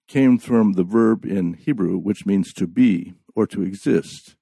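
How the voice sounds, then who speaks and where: A man delivering a sermon in a slow, deliberate way, stressing key words. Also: on the low side, warm tone, dry recording. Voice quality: gravelly. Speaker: preacher.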